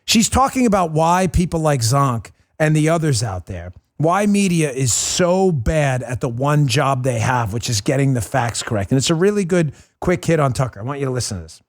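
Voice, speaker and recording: A man hosting a political talk show, talking in a fast, combative, sarcastic way. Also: medium pitch, big pitch swings. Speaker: host.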